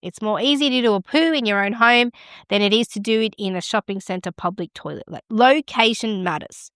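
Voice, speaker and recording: A woman's voice: medium pitch, brisk, a bit bright, no room sound, clean studio sound. A middle-aged woman hosting a midwifery podcast, giving frank, encouraging advice in a conversational way. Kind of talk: casual advice talk.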